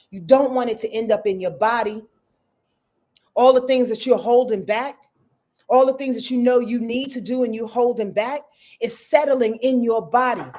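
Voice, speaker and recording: A woman's voice: a little high, darkish tone. A woman astrologer hosting a live weekly forecast, talking straight to her viewers in an emphatic, preachy way and repeating phrases for effect. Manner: talks straight to viewers with "y'all", affectionate. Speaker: astrologer and show host.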